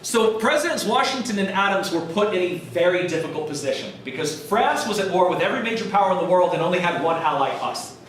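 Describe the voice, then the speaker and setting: A man's voice: high-pitched, expressive, fast, hardly any pauses, fairly bright tone, a little hiss or hum. A man giving a college history lecture in a casual, jokey way, acting out historical figures. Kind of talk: classroom lecture. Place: college classroom. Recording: echoey classroom from far off.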